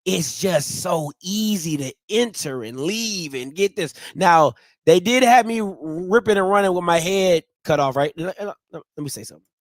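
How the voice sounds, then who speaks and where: Man, high voice, dry close sound, animated slangy storytelling, lots of restarts. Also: normal speed, dry recording. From Ohio, USA. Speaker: vlogger. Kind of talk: casual storytelling vlog.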